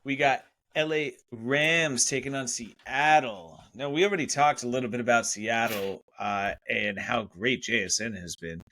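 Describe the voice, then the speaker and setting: A man co-hosting a podcast, talking fantasy football in an easygoing way, now and then clearing his throat. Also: medium pitch, measured pace, hardly any pauses, sharp tone. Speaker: podcast co-host. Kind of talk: casual fantasy football chat.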